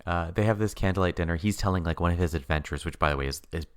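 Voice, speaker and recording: A man with a low voice chats casually on a podcast, recapping a TV episode. He keeps breaking into short mock voices to act out what the characters say. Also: clear, resonant tone. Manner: animated, acts out characters' lines in quick mock voices. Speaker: podcast co-host. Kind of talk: casual chat recapping a TV show.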